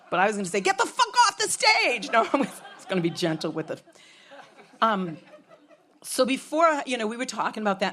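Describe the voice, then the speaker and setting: A middle-aged woman telling a frank, comic personal story on stage, swearing freely. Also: lowish voice. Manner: frank, profane, comic, with laughs from a crowd.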